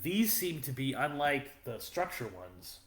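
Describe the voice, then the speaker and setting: A man's voice: medium pitch, sing-song, a little slow. A man co-hosting a podcast, telling a story in a rambling, casual way with many fillers. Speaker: podcast co-host. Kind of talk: casual chat. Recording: echoey room.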